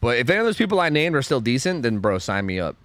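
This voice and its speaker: Rambling young streamer man, lively pitch. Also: very fast, no echo. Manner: rambling, stumbles and repeats words, answers chat. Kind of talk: casual gaming stream chat.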